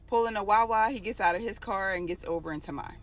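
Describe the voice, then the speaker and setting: A woman's voice: mid-range voice, fast talker. A woman telling her own story in a casual, emotional storytime monologue, repeating phrases for emphasis.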